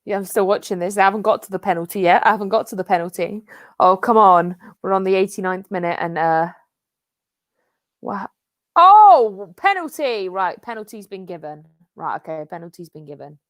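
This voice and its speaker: A woman's voice: fairly low pitch, fairly even intonation, fairly quick, dry recording, clean studio sound. A young woman co-hosting a football watch-along, ranting and swearing at the match. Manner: swearing, explosive outbursts at the match. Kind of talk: live watch-along chat.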